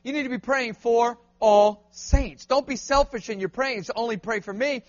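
A man preaches an animated call-and-response sermon in a church. The recording sounds a little muffled. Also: extremely high pitch, normal speed. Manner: animated, asks the crowd to answer back.

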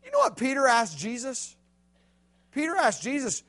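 A man's voice: very high voice, sing-song, fairly quick, fairly bright tone. A man preaching a playful youth sermon, joking with the crowd and acting out stories in different voices. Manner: playful, jokey storytelling with acted-out voices. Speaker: youth pastor.

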